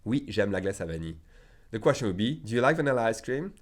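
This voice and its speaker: A man's voice: on the low side, very animated, fast. A man teaching in a casual video lesson, repeating example sentences and checking in with "okay?" and "d'accord?" as he goes. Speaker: French teacher.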